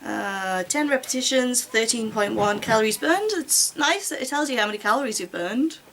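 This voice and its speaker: A woman's voice: on the high side, lively intonation, normal speed, fairly bright tone, a little hiss or hum, rough recording. A woman from Britain reviewing an app in a casual, hesitant and wry way, with many fillers.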